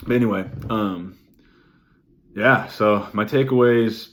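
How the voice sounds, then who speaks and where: A young man recapping his race in a vlog, excited and rambling, swearing freely and saying "like" often. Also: fairly low pitch, slow. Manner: excited, rambling, swears a lot, many "like" fillers. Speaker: vlogger.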